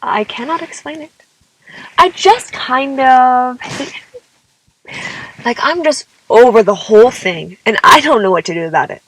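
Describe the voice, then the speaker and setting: A woman's voice: high voice, lively intonation, unhurried, pauses often, fairly bright tone, a little hiss or hum, poor audio. A young woman singer telling a personal story in a dramatic, exasperated way, often saying "like" and "okay?". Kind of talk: confessional storytelling vlog.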